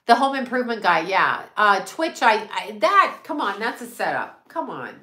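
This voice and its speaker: Blunt, bright-voiced woman psychic. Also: medium pitch, very animated, normal speed, roomy sound. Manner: blunt, profane, rambling, laughs often. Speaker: psychic medium. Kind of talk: casual channeling monologue.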